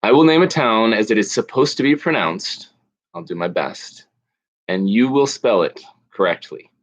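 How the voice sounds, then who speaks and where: A man hosting an online trivia night, reading out questions slowly with pauses and fillers. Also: lowish voice, animated. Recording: dull lo-fi audio.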